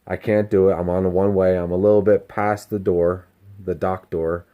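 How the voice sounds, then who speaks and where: A delivery driver talking casually to camera, candid and self-reflective, rambling and swearing freely. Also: male voice, deep voice, level tone, moderate pace, narrow, tinny audio. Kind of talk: casual self-help vlog monologue.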